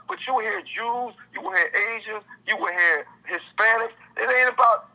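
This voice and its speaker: A man's voice: high-pitched, fairly quick, creaky, few pauses, pushed and bright, rough recording. A man, an author being interviewed, talking passionately in casual slang and acting out his characters. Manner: impassioned, acts out friends' dialogue in casual slang. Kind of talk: animated interview talk.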